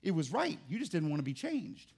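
A man's voice: fairly high pitch, huge pitch swings, brisk, darkish tone, husky. A man pastor preaching a sermon, emphatic and jokey, with rising exclamations.

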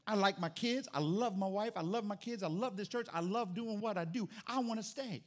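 A middle-aged man preaching a sermon as pastor, with dynamic delivery that swings from quiet to loud. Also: high voice, fairly quick.

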